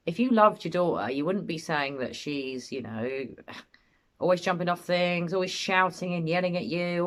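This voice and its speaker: A British woman giving opinionated, blunt analysis as host of a commentary video. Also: on the low side.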